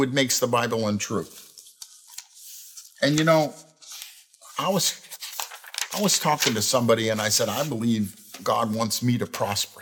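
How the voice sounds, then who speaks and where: A middle-aged man preaching a sermon, telling stories and acting out the phrases people say. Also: medium pitch. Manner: animated storytelling, acts out quoted phrases. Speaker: pastor.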